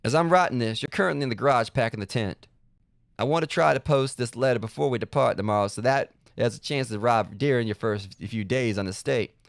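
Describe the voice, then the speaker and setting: A man voicing a middle-aged dad writing a fond letter to his son, in a slow, folksy, cartoonish sitcom-dad manner. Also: medium pitch, creaky, no room sound, studio quality, lightly acted. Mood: fond, fatherly.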